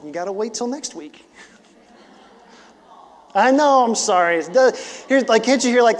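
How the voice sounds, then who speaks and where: A man in his forties preaching a sermon as pastor, conversational and animated, with emphatic bursts. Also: high-pitched, long reverb tail. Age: 40s.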